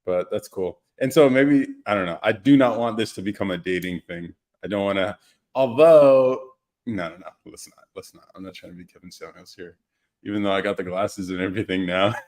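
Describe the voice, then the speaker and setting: A young man with a low-pitched voice hosts a casual live podcast. He rambles through stories, teases viewers and reacts to their comments with easy laughter. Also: a little fast, a little mellow. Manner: loose, joking, laughs often, reads out viewer comments. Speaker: podcast host. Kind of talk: casual livestream chat.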